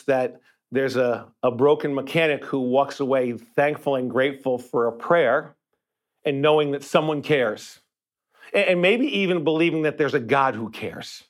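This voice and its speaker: A male pastor telling a personal story in a sermon, talking conversationally, often repeating words, and going quiet for tender parts. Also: medium pitch. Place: church sanctuary.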